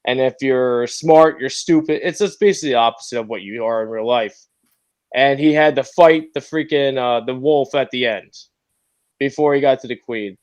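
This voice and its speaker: A man recaps a film on a casual podcast, rambling and hesitant, with plenty of fillers. His voice is smooth and resonant, pitched in the middle. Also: normal speed, a little mellow.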